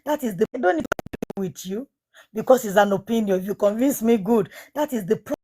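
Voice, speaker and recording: A woman's voice: medium pitch, animated, fairly quick, background noise. A woman with an African accent on a live panel, defending her opinion in an insistent, repetitive way. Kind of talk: live audio panel discussion.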